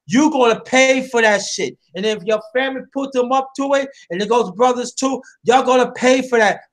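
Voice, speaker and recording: A man's voice: very high-pitched, a bit bright. A man hosting a casual chat, talking with passion and addressing listeners directly, often repeating himself. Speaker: host.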